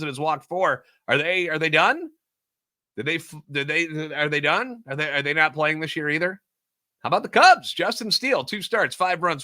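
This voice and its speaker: A man's voice: fairly high pitch, sharp tone. A man hosting a solo sports podcast, ranting sarcastically and animatedly about overreactions. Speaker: podcast host.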